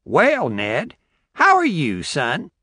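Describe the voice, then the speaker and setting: A man's voice: fairly high pitch, wildly swooping pitch, takes it slowly, pushed and bright, no echo, studio quality, voice pushed up, full character voice. A man voicing a laconic old rural backwoods man with clipped, folksy replies.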